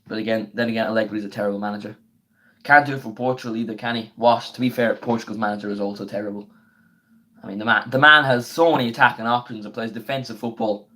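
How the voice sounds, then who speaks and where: A young man, his voice going hoarse, chatting casually on a live football watchalong and breaking into excited play-by-play of the action. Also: on the low side. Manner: chatty and slangy, bursts into quick excited play-by-play. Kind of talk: casual live stream chat with match commentary.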